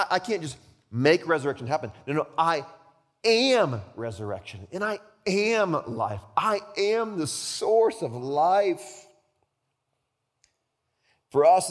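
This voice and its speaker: A man's voice: medium pitch, long reverb tail. A pastor in his thirties preaching a sermon in a conversational way, repeating words and asking rhetorical questions.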